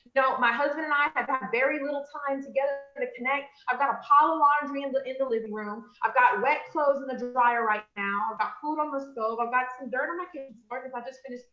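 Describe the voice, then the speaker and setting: A woman giving an encouraging motivational talk on a call and addressing her listeners as friends. She swings between loud emphatic bursts and low, confiding asides. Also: quick pace, reverberant, highs cut off. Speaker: motivational speaker, business coach. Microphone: call audio.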